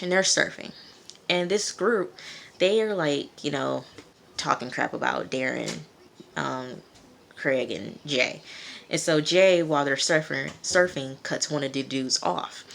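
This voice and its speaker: A woman's voice: sits low, vocal fry, a bit bright. A woman casually recapping a TV episode, chatty and rambling, with lots of asides. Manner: rambling, chatty, full of asides and "you know". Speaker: TV reviewer.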